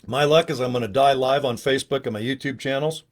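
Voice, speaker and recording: A middle-aged man talks at home into a webcam on a casual livestream. He rambles from one thing to the next, cracking crude jokes and cursing without a care. His voice sits at a middle pitch for a man. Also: quick pace. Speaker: video host. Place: at home, indoors.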